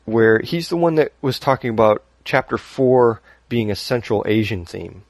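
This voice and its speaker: A man's voice: mid-range voice, lively intonation, moderate pace, no echo. A man hosting a podcast, talking casually and rambling a little, laughing often as he reads listener email. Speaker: podcast host.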